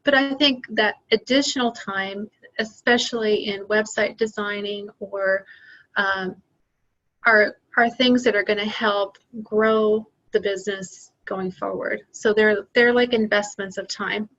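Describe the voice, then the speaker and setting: A woman's voice: mid-range voice, fairly even intonation, measured pace, a bit bright, muffled recording. A woman who sells handmade crafts, talking about her work time in a hesitant way, thinking aloud with ums. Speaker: craft seller being coached. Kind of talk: casual conversation.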